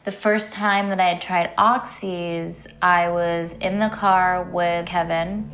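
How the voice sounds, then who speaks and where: A woman's voice: fairly low pitch, steady tone, slow pace, a bit bright. A woman in her twenties speaking bluntly and frankly in an interview, with casual fillers. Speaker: former reality TV star interviewee. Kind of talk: candid interview recollection. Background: music.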